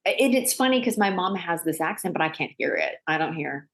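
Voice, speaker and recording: A woman with a notably low voice chats easily on a podcast, spinning animated family stories. She laughs at her own anecdotes and keeps a conversational flow. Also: brisk. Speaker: guest actor and director.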